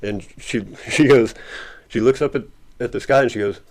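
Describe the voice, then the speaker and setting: A man's voice: mid-range voice, normal speed. A man telling a story as an interview guest, rambling and laughing often. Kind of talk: casual storytelling.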